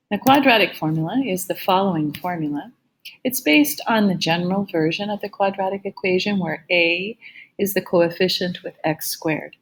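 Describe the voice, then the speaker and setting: A woman math teacher giving a recorded lecture with a slightly gravelly voice, explaining each step patiently. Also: fairly low pitch, slight background noise, rough recording.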